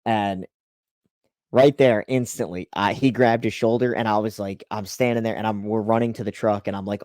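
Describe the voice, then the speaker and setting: A man who works as a race team spotter, casually telling a story with animated delivery and lots of "like" and "you know". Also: on the low side, moderate pace, no room sound, studio quality.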